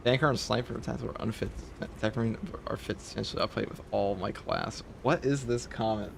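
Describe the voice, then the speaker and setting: A man's voice: on the low side, fairly quick, creaky, slight background noise. A man with a New York accent, chatting bluntly and jokingly on a gaming stream. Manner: blunt, joking, swears casually. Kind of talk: casual gaming stream chat.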